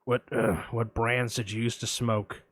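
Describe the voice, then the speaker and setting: A man voicing a creepy, secretive male caller who speaks low and hushed, in a podcast reenactment of a phone call. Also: little pitch movement, a little slow, dry recording. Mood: insinuating.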